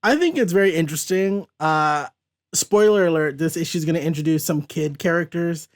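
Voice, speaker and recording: A chatty, upbeat man hosts a casual comic book discussion, his voice sitting a bit higher than most men's. He keeps things moving with easy, friendly talk. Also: a little fast. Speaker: podcast host.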